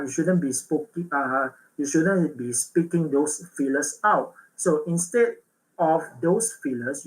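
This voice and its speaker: A man presenting a public speaking workshop, pausing on fillers, correcting himself and checking in with "right?". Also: a little high, low-quality recording. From Malaysia.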